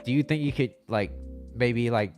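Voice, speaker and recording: A man's voice: mid-range voice, moderate pace, a little mellow, soft background music. A young man from the United States chatting casually on his livestream, rambling through stories and reading out viewer comments. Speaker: livestream host.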